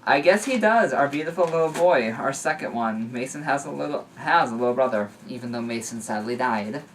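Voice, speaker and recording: A man's voice: mid-range voice, animated, fairly quick, a little hiss or hum, natural voice. A man reading out the lines of a tearful, loving young father, recorded a bit far from the mic. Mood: tender. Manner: soft, emotional reading.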